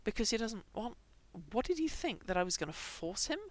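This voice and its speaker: A woman voicing a guarded young man who speaks coldly and bursts into loud, forceful shouts. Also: on the high side, sing-song, a little fast, pitched above the performer's own voice. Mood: hurt. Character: guarded young man, cold then pleading.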